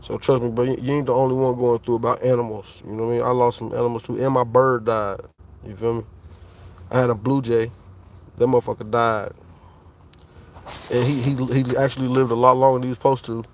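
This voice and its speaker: A man's voice: mid-range voice, little pitch movement, brisk, darkish tone. A man, talking casually and profanely to his viewers on a livestream, rambling and speaking straight to the chat.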